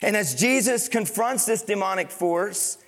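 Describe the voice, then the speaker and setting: A man's voice: high voice, lively intonation, a little slow, a bit bright, in a large hall. A man preaching a sermon as pastor, reading scripture and questioning his congregation, his delivery swelling and falling in intensity. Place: church sanctuary.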